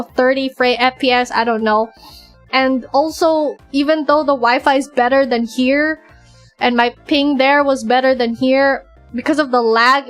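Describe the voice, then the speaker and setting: A woman streamer chatting casually and excitedly, acting out her own side of conversations in a raised voice. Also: high voice. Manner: excitable, animated, quoting others in a raised voice. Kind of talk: casual chat.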